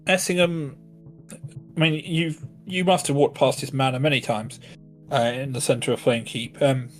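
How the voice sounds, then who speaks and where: Man, game master, hesitant rambling delivery, faint background music. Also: mid-range voice. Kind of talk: narrating and voicing a tabletop game.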